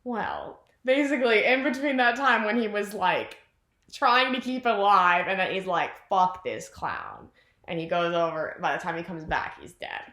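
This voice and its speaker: A woman's voice: mid-range voice, moderate pace. Rambling young woman retelling a plot. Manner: rambling, animated, heavy use of "like", acts out quotes. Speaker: vlogger retelling a film plot. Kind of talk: casual chat. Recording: echoey room.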